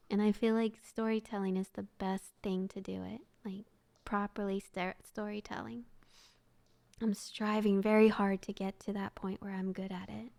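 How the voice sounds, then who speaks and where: Soft whispery woman reading slowly. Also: mid-range voice, gravelly. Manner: soft-spoken, giggly, whispers often. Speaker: streamer reading stories.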